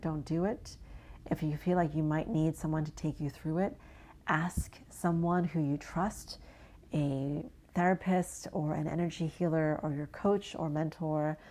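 A woman from New England gently guiding an inner child visualization, speaking softly and slowly and often dropping to a hushed near-whisper. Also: sits low. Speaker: inner child and energy work guide.

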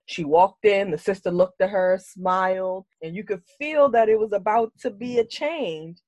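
An animated woman talking on a podcast in a loose, casual chat. She is blunt and swears freely. Her voice sits at an ordinary pitch and sounds dry and close to the mic. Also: normal speed, hardly any pauses, dry recording. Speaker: podcast co-host.

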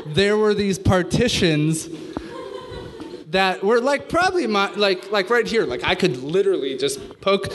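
A man's voice: high-pitched, slight background noise. Profane man doing stand-up. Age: 30s. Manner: animated, profane, acts out quotes. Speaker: stand-up comedian. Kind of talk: stand-up storytelling. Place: comedy club stage with audience.

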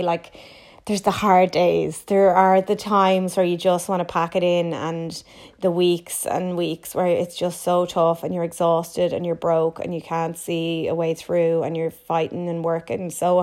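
A woman in her thirties hosts a casual solo podcast. Her voice sits a little low, and she talks in a chatty, emphatic way. She drops in quick asides as she goes. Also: flat delivery, a little mellow. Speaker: podcast host.

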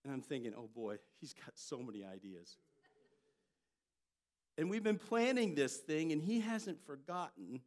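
Older guy pastor preaching, storytelling, gets loud then drops, voice a bit high. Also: a little slow, long pauses. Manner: storytelling, animated delivery with jumps in loudness. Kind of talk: sermon.

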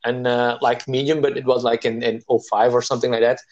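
A man in a casual conversation, speaking haltingly as he searches for words. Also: mid-range voice, flat delivery, a little mellow, dull audio. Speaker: guest writer.

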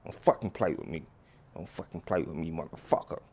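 Man playing a low gruff tough guy, cursing, threatening, rising in volume. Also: fairly quick, background noise. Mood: angry. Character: hot-tempered tough man in church, threatening. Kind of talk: comedy skit voices.

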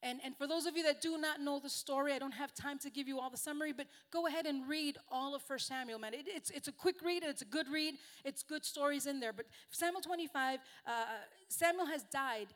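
A woman with a high, bright-pitched voice delivers a sermon in a chatty, earnest way. She is a native Spanish speaker and pokes gentle fun at herself as she talks. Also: brisk, hardly any pauses. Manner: earnest, conversational, self-deprecating. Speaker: guest preacher.

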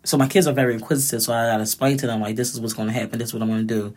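Blunt, husky woman. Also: rumbling low, steady tone, very fast, darkish tone. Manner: blunt, profane, direct. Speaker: vlogger. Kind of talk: casual monologue.

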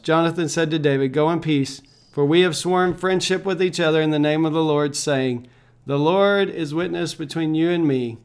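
A man leading a devotional Bible reading, calm and measured, pausing with fillers as he reflects. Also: a little high.

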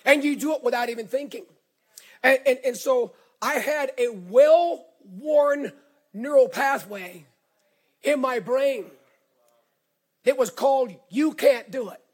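Delivering a sermon slowly and pausing often, a middle-aged Southern pastor speaks in a very high-pitched voice. His storytelling is animated, with repeated words that rise into shouts.

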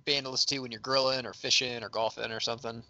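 A man with a bright, tense voice chimes in on a podcast in a laid-back way. The audio is dry, close and muffled, with no room sound. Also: mid-range voice, little pitch movement, racing, dry recording. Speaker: podcast co-host. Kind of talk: casual chat.

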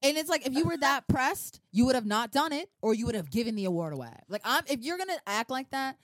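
A woman co-hosting a podcast in a casual chat, emphatic and quick to agree and chime in. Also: high voice, very animated, fairly bright tone, no room sound, studio quality.

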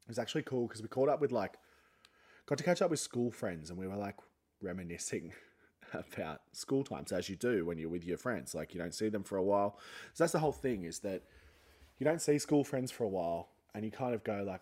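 The young host of this solo podcast speaks a little fast in a fairly low, darkish voice, staying animated throughout. Recovering from wisdom tooth removal, he sounds a bit funny from the sore jaw while he chats casually, rambling and mocking himself.

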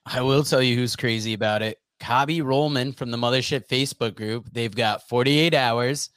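A man co-hosting a podcast who reads out listener lists in casual chat, moving the segments along briskly. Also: mid-range voice, a bit bright, clean tone, dry recording. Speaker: podcast co-host.

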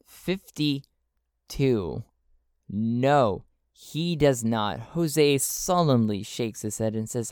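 A man's voice: mid-range voice, expressive, drawn-out words, a little mellow, clear, resonant tone, no room sound, studio quality. A man narrating a solo tabletop role-playing game, thinking aloud as he checks his rolls and charts. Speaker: solo game master and player.

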